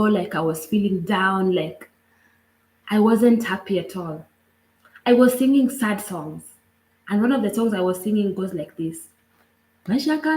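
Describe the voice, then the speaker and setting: A Kenyan woman tells a personal story in an earnest, halting way, often pausing on little asides. Her voice sits at a middle pitch. The room around her has a noticeable echo. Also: a little mellow. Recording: roomy echo.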